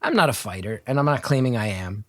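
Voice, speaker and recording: A man's voice: mid-range voice, animated, fast talker, background noise. A man from North Jersey telling a long, self-deprecating story on a video call, swearing freely and acting out the voices of the people in it. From North Jersey, United States. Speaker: guest storyteller. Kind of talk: casual anecdote told on a video call.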